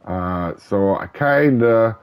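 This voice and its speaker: A man hosting a gaming channel, chatting casually over gameplay in a relaxed, rambling way with many ums and uhs. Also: lowish voice, takes it slowly, clean tone, lo-fi sound. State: hiccups. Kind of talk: casual let's-play commentary.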